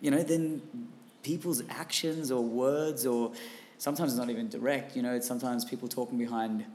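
A man co-hosting a relaxed podcast conversation. He talks emphatically and breaks into laughter often, his voice sitting in an ordinary middle pitch. A faint hiss of background noise sits under the recording. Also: a little fast. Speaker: podcast co-host. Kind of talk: casual chat.

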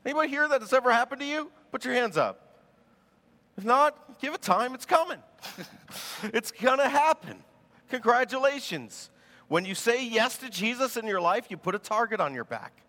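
A man preaching a sermon as pastor, telling stories in an animated way and laughing as he goes. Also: very high voice, normal speed, long reverb tail.

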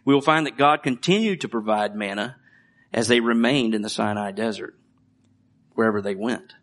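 A man's voice: medium pitch, moderate pace, fairly bright tone. A middle-aged man preaching a conversational sermon, reading scripture and joking about his children. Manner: conversational, with light jokes and laughs. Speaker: pastor.

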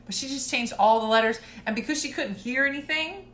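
Chatty woman with a bright, echoey voice. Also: sits high, a little fast, slight background noise. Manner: chatty, laughs often, clears throat. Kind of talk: casual storytelling chat.

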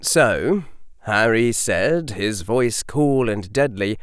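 A man narrating an audiobook in a dramatic, measured storytelling manner. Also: fairly low pitch, expressive, clean tone, no room sound, clean studio sound.

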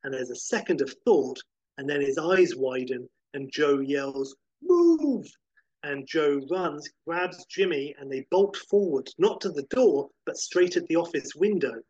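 A man hosting a podcast, narrating a screenplay pitch descriptively, with fillers and restarts. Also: measured pace, a little mellow, breathy edge, lo-fi sound. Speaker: podcast host pitching a film.

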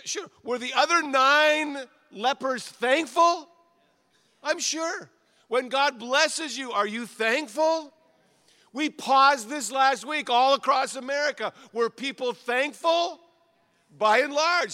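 Middle-aged pastor guy preaching, high voice, repeats lines, goes soft then loud. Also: a little slow. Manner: animated preaching, swings from quiet to loud; repeats short phrases for emphasis. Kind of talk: sermon.

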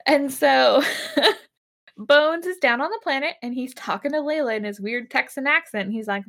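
A woman chatting casually, recapping a TV episode with lots of fillers and quick paraphrases. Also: sits high, a bit bright. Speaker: podcast co-host recapping an episode. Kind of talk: casual chat.

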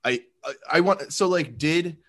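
Chatty man co-hosting a podcast. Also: a little high. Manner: animated retelling, quick voiced asides. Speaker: podcast co-host. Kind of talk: casual chat recapping a TV episode.

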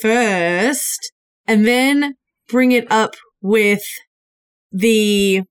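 A woman's voice: a little high, drawn-out words, clear, resonant tone. A woman playing a tabletop game, speaking practically while proposing plans. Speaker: player. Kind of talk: casual tabletop role-play.

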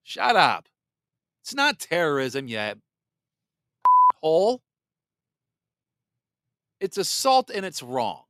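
A man hosting a political commentary podcast, blunt and sarcastic, reading viewer comments aloud and sometimes mocking others in a shrill put-on voice. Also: wildly swooping pitch, slow pace, long pauses, a bit bright, no room sound, clean studio sound. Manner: blunt and sarcastic, mocks voices in exaggerated falsetto. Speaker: podcast host.

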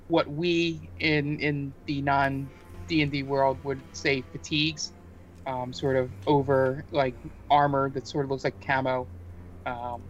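A man narrating a tabletop game as game master, hesitant with many fillers. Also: mid-range voice. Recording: dull muffled sound with faint music.

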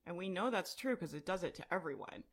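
A woman's voice: lowish voice, expressive, quick pace. A woman podcast host and business coach talking candidly in a casual live video, with many "like"s and "right?"s. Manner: candid, conversational, frequent "like" and "right?".

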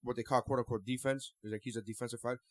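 Fast-talking, swearing casual man. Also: medium pitch, fairly even intonation. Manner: profane, rambling storyteller. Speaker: podcast co-host. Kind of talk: casual banter.

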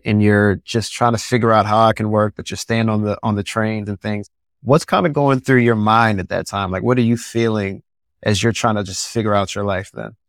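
A man hosting an interview, asking measured questions and checking in with "right?" as he sums up the story. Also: fairly low pitch, no echo, studio quality. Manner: measured, prompting, frequent "right?" check-ins. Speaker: podcast host, interviewer.

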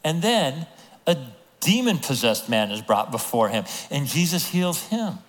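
A man preaching a sermon as a pastor, telling the story with lively acted-out voices of the people in it. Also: a little high, measured pace. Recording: long hall reverb.

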